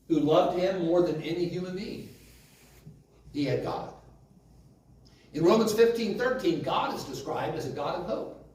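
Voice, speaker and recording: A man's voice: a little high, a little mellow. Echoey, conversational church preacher, a man. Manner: conversational preaching with rhetorical questions to the congregation. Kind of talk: sermon. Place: church sanctuary. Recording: very echoey church hall, mic at a distance.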